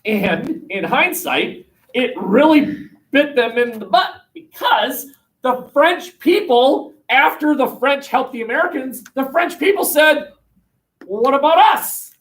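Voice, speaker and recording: A man teaching history in a lively classroom lecture, joking and acting out quotes with plenty of fillers. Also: very high voice, slow pace. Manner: jokey, acts out quotes, many fillers. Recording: voice from far off the mic in a classroom.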